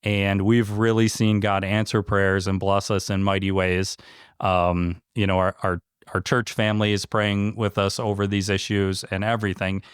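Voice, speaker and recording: A man talks earnestly about his business in a relaxed interview, his low voice smooth and resonant. He speaks with heartfelt emotion and many fillers and restarts. The sound is dry and close. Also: moderate pace, no room sound. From Michigan. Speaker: franchise owner, interview guest. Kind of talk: casual interview conversation.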